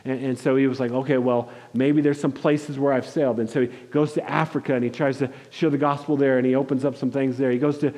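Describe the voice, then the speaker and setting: A man's voice: mid-range voice, fast, hardly any pauses, in a large hall. A pastor delivering a conversational sermon, acting out quotes and restarting his phrases often. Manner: conversational, animated, frequent restarts and acted-out quotes.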